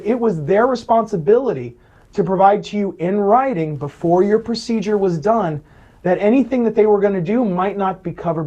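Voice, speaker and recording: A man's voice: high-pitched, dark tone, highs cut off. A man being interviewed as a Medicare advisor, telling client stories with lots of "right?" and acted-out quotes. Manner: storytelling, acts out quoted voices, frequent "right?". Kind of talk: conversational interview.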